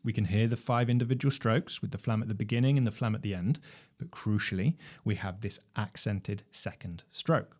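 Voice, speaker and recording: A man teaching drumming in a measured, explanatory lecture, posing rhetorical questions as he goes. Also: lowish voice, darkish tone, soft background music. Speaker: drum instructor. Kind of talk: instructional lecture.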